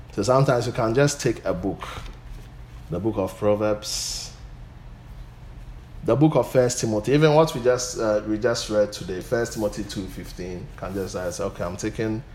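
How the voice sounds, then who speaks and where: A pastor teaching a Bible study, often stopping to say "Amen". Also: male voice, on the low side, darkish tone, echoey room, a little hiss or hum. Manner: punctuates points with "Amen".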